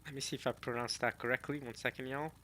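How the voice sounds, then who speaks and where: A man with a bright, forceful voice reacts casually to a manga chapter. He talks straight to his viewers and thinks out loud as he goes. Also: medium pitch, steady tone, fast talker, slight background noise. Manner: chatty, addresses viewers as y'all, muses aloud. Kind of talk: casual reading and reaction chat.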